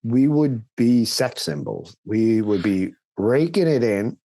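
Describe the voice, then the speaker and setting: A man's voice: fairly low pitch, very animated, slow, dark tone, dry recording. A young man co-hosting a podcast, laid-back and laughing often as he tells stories in casual chat. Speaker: podcast co-host.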